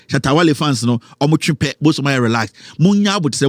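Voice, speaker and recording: A Ghanaian man hosting a talk show, giving animated, mocking commentary and mixing English with Twi. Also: a little high, quick pace, hardly any pauses, no echo, studio quality.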